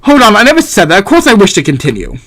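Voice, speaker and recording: An eager young philosopher hero in a game, voiced by a man. His voice sits fairly high and swings a lot as he reacts with disbelief. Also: wildly swooping pitch, racing, fairly bright tone, full character voice. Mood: incredulous.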